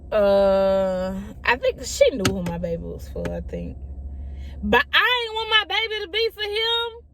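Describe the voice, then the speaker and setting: A young woman with a somewhat high voice, sharing a personal story to camera. She talks casually and repeats her lines for emphasis. She keeps turning to address her audience directly. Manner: chatty, repeats phrases, often addresses listeners as y'all. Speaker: storyteller vlogger.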